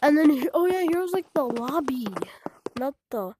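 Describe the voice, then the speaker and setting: Over loud background music and other background noise, a woman with a high-pitched voice talks fairly quickly while showing a game she made. She thinks aloud casually, breaks off and restarts sentences, and frequently sinks to a murmur.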